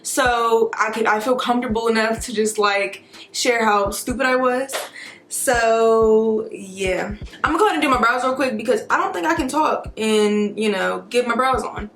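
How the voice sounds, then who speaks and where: A woman's voice: on the high side, moderate pace, fairly bright tone, roomy sound, slight background noise. A young woman vlogger, chatting casually and slangily, with swearing and tangents, while she does her hair and makeup, hiccuping as she talks. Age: young adult. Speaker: beauty vlogger.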